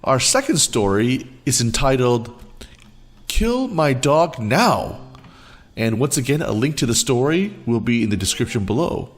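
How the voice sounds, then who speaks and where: A man narrating internet stories aloud to viewers in an expressive, storytelling manner. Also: medium pitch, a little slow. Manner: expressive, animated reading. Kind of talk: reading reddit stories aloud.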